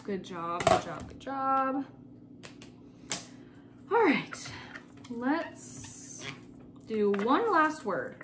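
A young woman teaching a remote spelling lesson to young children, slowly repeating each word and spelling it out letter by letter. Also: high-pitched, very animated, background noise. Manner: slow, patient, repeats words and spells them letter by letter.

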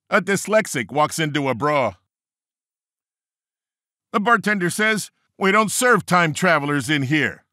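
A man narrating an audiobook of jokes, reading them aloud playfully and jumping up in pitch for the quoted characters. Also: sharp tone, dry recording, clean studio sound. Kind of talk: reading a joke book aloud.

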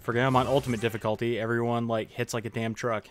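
A man's voice: mid-range voice, flat delivery, fast talker. Chatty jokey man streaming a game. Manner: chatty, jokey, self-conscious asides. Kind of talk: casual gameplay commentary.

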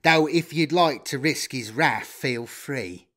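A man's voice: medium pitch, takes it slowly, a bit bright. A man playing a greedy, sardonic human data trader in an audio story. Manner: wheedling, sardonic.

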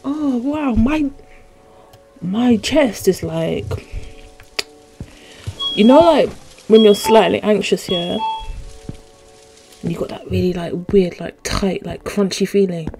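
A woman's voice: medium pitch, slow, long pauses, over music, rough recording. A young woman, commentating a horror game she is playing, jumpy and easily startled, with gasps and exclamations. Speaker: gaming YouTuber.

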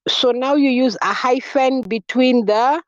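Woman teacher, unhurried, repeats and spells out terms, quizzes the class; muffled lo-fi audio. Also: high-pitched, dry recording. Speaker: French teacher. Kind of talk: classroom lesson. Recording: dull lo-fi recording.

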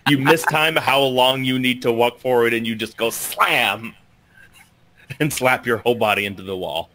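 A man's voice: medium pitch, unhurried, bright, forceful tone. A man taking part as a player in a tabletop game, talking with stammering restarts and laughing mid-sentence. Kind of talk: casual tabletop play.

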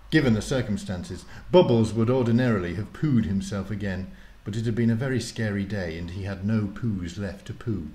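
A man, the author, introducing and reading his children's book aloud in a lively, casual way. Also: sits low, moderate pace, echoey room. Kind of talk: storybook reading.

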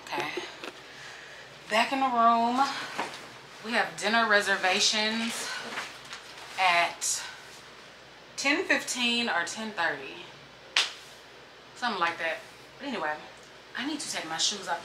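A woman chatting casually to her viewers in a travel vlog, filmed on a handheld phone. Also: mid-range voice. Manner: chatty, addresses viewers as y'all. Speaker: vlogger. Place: city streets and a small hotel room. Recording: echoey with loud street noise.

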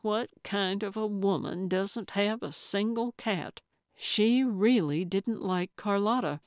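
A woman narrating a cozy mystery audiobook in a measured storytelling manner. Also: mid-range voice, no echo, studio quality. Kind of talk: scripted narration.

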